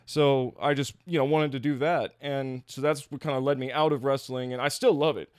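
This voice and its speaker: A man's voice: medium pitch, steady tone, moderate pace, clean tone, no echo, clean studio sound. A young man from Kentucky, a former pro wrestler, telling stories as a guest in a loose, casual chat full of "like" and "uh", often laughing.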